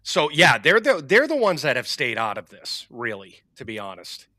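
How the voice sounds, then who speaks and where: An animated man with a bright, edgy voice that leaps around in pitch. He trades scornful, sweary remarks in casual talk. The mic is close and dry. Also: normal speed, no echo. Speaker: podcast co-host. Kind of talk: casual banter.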